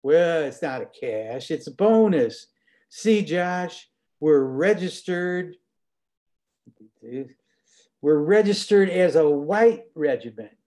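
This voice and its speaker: A man doing a boastful militia captain, high and pushy. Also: animated, takes it slowly, pauses often, warm tone. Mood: persuasive. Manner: boastful, persuasive, rising enthusiasm. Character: proud scheming male militia captain.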